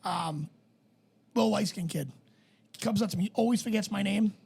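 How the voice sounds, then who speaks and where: A man's voice: sits high, normal speed, vocal fry, breathy edge. A middle-aged man co-hosting a podcast, telling a story in casual chat with plenty of swearing. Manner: animated storyteller, swears freely. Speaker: podcast co-host.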